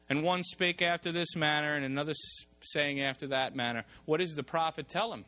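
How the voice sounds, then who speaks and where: Man, preacher, lively sermon, high voice, bright tone, acts out the people in the story. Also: a little fast, hardly any pauses. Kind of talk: sermon with Bible reading and commentary.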